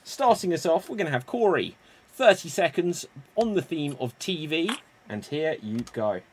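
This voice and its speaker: A man hosting an improv show in a brisk, upbeat way, his voice sitting a little on the high side. There is a faint hiss of noise behind him. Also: big pitch swings. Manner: brisk, upbeat, running the games.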